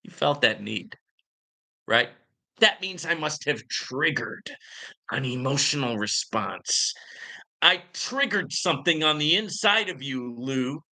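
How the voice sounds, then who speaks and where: A male show host reading out a viewer's comment and answering it with slow, mocking, sarcastic taunts. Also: fairly high pitch, expressive, bright, forceful tone. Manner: sarcastic, teasing, drawn-out taunts.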